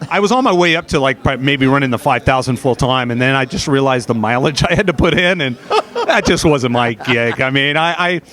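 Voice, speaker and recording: A man's voice: medium pitch, normal speed, a bit bright. A middle-aged man in a casual interview, telling stories with many fillers and restarts, recorded outdoors at an expo. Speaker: guest, former steeplechaser.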